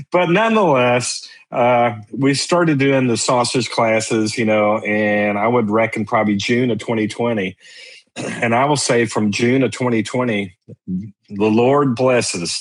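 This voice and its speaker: Speaking unhurriedly at medium pitch, a man guesting on a podcast spins long, meandering tales of sausage-making. He teaches the craft as well as practicing it, and his storytelling is loose and thick with fillers.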